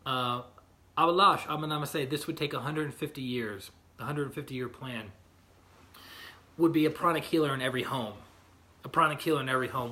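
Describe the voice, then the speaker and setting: A man's voice: mid-range voice, pushed and bright. A middle-aged man, an energy healer, talking casually from his healing room and often checking in with "right?". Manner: chatty, keeps asking "right?". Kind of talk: casual livestream talk.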